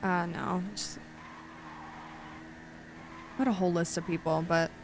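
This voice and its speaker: A woman's voice: fairly low pitch, flat delivery, a little slow, slight background noise. Chatty woman roleplaying a lawyer. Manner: chatty, rambling storytelling with many fillers. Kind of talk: in-character roleplay chat.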